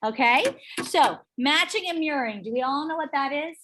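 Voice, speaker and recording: A middle-aged woman leading a real estate sales training, chatty and energetic, telling stories to the room. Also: sits high, normal speed, noisy background. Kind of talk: training workshop talk.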